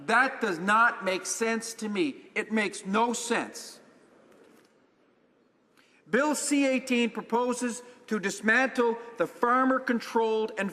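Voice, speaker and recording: A man from Newfoundland and Labrador speaks in a high, bright, ringing voice. He makes an emphatic parliamentary speech and drives his points home with rhetorical questions and repeated phrases. The recording carries the long reverb of a large legislative chamber. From Newfoundland and Labrador, Canada. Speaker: member of parliament.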